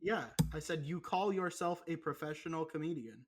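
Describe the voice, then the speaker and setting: A young man chatting on a casual podcast, his voice sitting a little high for a man. He rambles, swears freely and pokes fun at himself as he talks. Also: normal speed, noisy background. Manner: profane, rambling, self-mocking. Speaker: podcast co-host. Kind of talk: casual chat.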